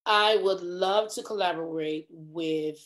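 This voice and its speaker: A middle-aged woman, a comedic actress, telling stories in a casual interview and acting out quotes with lively voice jumps. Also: fairly low pitch, takes it slowly. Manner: animated, acts out quotes with big voice jumps.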